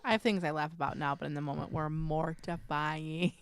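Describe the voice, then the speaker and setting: A woman's voice: low-pitched, a little fast, smooth. A middle-aged woman co-hosting a casual chat show, telling chatty stories and acting out what her family says. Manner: chatty, animated storyteller acting out family quotes. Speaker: podcast co-host.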